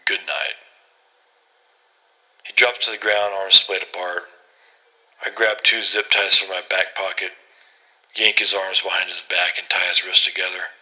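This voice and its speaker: Low, bright-toned grim male narrator. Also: level tone, a little slow, pauses often, rough recording. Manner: grim, terse first-person telling. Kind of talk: scripted horror story narration.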